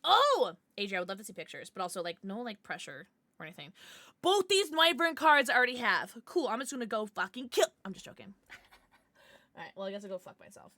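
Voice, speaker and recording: Bubbly lady streamer, bright voice, swears a bit, dry sound. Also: medium pitch, a little fast, no echo. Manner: bubbly, excitable, swears casually. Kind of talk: casual livestream chat.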